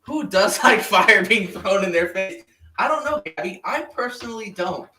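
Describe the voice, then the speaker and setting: A man hosts a podcast in loose, joking chat, his bright voice swinging up and down as he rambles. The sound is roomy and echoing. He sits some distance from the microphone. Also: high-pitched, lively intonation, moderate pace. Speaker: podcast host. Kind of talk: casual chat. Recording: echoey room, off-mic.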